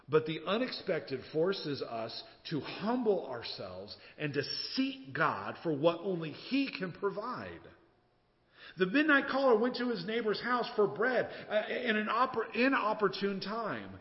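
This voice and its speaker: A man preaching a sermon as a pastor, telling a story and acting out the voices in it with lively swings in loudness. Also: on the high side. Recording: dull sound with long reverb.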